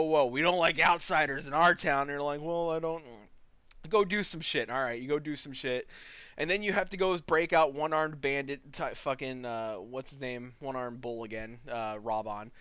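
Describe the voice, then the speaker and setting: A man with a high voice runs through a game's story in a loose, swear-heavy rant, laughing as he goes. His voice is dry and close, with no room sound. He talks as a podcast host chatting with friends. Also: no room sound. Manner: profane, rambling, laughs often; animated storytelling. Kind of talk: casual gaming podcast rant.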